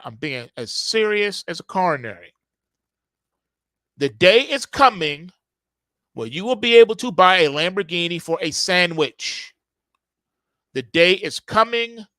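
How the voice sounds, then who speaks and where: A man's voice: fairly high pitch, bright, forceful tone, no echo. A man giving a casual commentary monologue in an emphatic, repetitive way. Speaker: market commentator.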